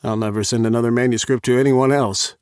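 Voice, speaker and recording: A man's voice: medium pitch, steady tone, fast talker, a little mellow, clear, resonant tone, no room sound, clean studio sound, close to an everyday voice. A man voicing an upset young male writer who rants in frustration. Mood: dejected. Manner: rising and agitated, ranting.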